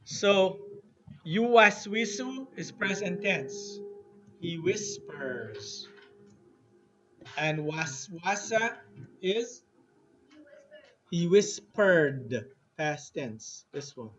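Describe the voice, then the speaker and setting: A man leads a classroom language lesson in a high, unhurried voice, pausing to spell words letter by letter and repeat them. The recording sounds dull and lo-fi. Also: sing-song, fairly bright tone, faint music behind. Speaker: Arabic teacher.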